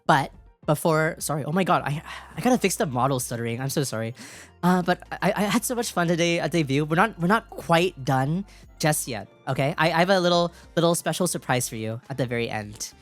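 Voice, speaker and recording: A woman's voice: deep voice, lively intonation, brisk, faint music behind. A woman streamer chatting live with her viewers, giggly and flustered, often repeating herself in a cutesy, playful way. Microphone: desk microphone.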